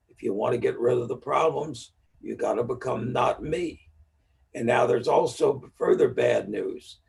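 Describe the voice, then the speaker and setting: Picked up from afar on a low-quality recording, a man with a husky, gravelly mid-range voice teaches neurolinguistic programming live online. He explains through stories and keeps restating his key points.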